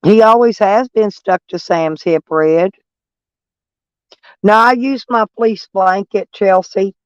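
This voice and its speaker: A man's voice: high voice, slow, smooth, no echo, lo-fi sound. Stuffy-nosed man chatting from his van. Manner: rambling, plainspoken, chatty. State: stuffy nose. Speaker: van life vlogger. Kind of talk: casual live chat with viewers. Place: in a van, door open.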